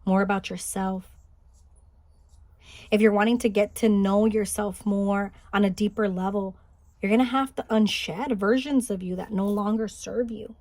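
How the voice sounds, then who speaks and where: A woman giving a spiritual pick-a-card reading, gentle and encouraging, thinking aloud with small restarts. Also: medium pitch, fairly even intonation, unhurried, dry recording. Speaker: tarot card reader. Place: home, Highland Park, California.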